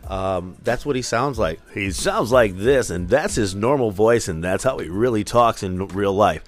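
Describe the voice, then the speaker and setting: A man's voice: fairly low pitch, lively intonation, normal speed, faint music behind. A man from Minnesota hosting a casual solo podcast, talking in a loose, profane, rambling way. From Minnesota, US Midwest. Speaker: podcast host.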